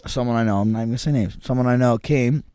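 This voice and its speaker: A man's voice: medium pitch, very fast, smooth, no echo. A man co-hosting a podcast, chatting loosely and swearing often. He tells stories with energy and acts out the people in them. His voice sits in the middle range, and the recording is close and dry. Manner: animated storyteller, swears freely, acts out quoted people. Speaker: podcast co-host. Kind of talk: casual chat.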